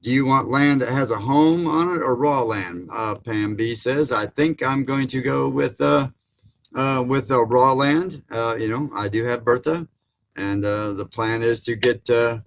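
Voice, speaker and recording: A man with a medium-pitched, creaky voice hosts a livestream at a measured pace, with slight background noise from his streaming setup mic. He reads chat in a loose, rambling, folksy way, laughing often and using many fillers.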